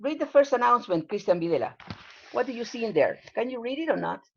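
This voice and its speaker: A woman's voice: a little high, expressive, fast talker, vocal fry, a little mellow, muffled recording, a little hiss or hum. A woman teaching an English class over a video call, explaining patiently with plenty of fillers.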